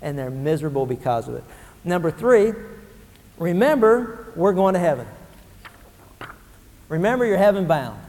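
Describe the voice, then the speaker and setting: A pastor preaches with a high, light male voice that rises from hushed lines to shouted peaks. His sermon carries long reverb from a large hall, like a church sanctuary. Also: sing-song, moderate pace, pauses often.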